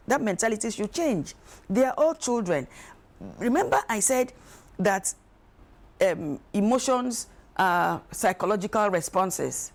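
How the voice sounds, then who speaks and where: A woman, speaking as an expert guest on a talk show, emphatic and animated, acting out quoted voices. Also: fairly high pitch, slow. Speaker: guest expert on emotional wellbeing. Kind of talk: studio talk show discussion.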